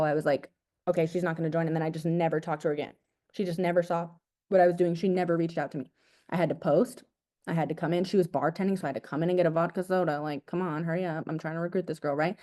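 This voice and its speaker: A young woman talks fast to her sales team, her voice low-pitched and mellow. She coaches with casual energy, repeating key lines and saying "dude" and "guys". It sounds like a video call. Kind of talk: motivational team talk.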